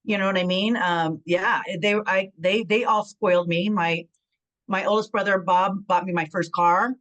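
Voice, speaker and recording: A woman's voice: medium pitch, normal speed, low-quality recording. A middle-aged woman from California, a former pro wrestler telling stories in a casual interview, acting out quotes with plenty of fillers. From San Bernardino, California. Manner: animated storytelling, acts out quotes, frequent fillers.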